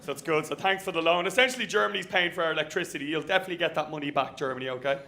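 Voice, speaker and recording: A man's voice: a little high, racing, gravelly, pushed and bright. A young Irish man doing a stand-up set, punchy and self-mocking, with tag lines after each joke. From Ireland. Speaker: stand-up comedian. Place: comedy venue with live audience.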